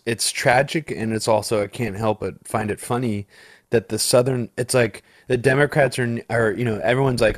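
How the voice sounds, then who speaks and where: A man's voice: mid-range voice, fairly even intonation, moderate pace. A man talking politics in casual chat, swearing freely and restarting his sentences as he thinks. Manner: casual, profane, rambling with restarts.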